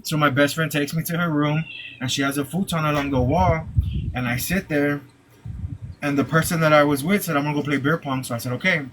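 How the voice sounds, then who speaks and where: A young man telling a personal story live, halting, with many "like"s and repeated restarts. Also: fairly high pitch, fairly bright tone, low-quality recording.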